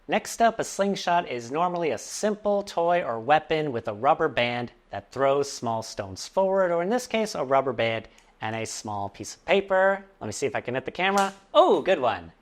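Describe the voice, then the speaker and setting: An English teacher giving a scripted vocabulary lesson, explaining words clearly and slowly, with playful asides. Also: mid-range voice, lively intonation.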